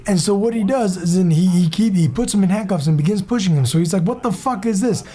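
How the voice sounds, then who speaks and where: A man's voice: sits high, fast talker, mellow, husky. Young man ranting on his gaming channel. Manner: heated, rambling, swears a lot, many fillers and restarts. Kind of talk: casual vlog rant.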